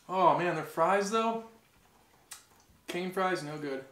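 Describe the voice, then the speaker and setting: A man co-hosting a casual home eating vlog, chatting excitably about food with lots of fillers. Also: high voice, takes it slowly. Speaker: co-host. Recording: roomy echo with music behind.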